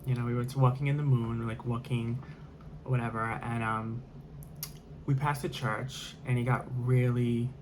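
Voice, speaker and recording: A man's voice: medium pitch, flat delivery, measured pace, noisy background. Rambling man telling a storytime tale. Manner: rambling, heavy on fillers and restarts. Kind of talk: casual storytime monologue.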